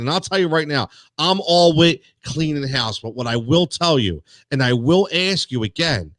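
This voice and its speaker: Sports talk host, man, fired-up rant, higher voice, dry close sound. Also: a bit bright, no room sound. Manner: worked up, repeats words, many restarts.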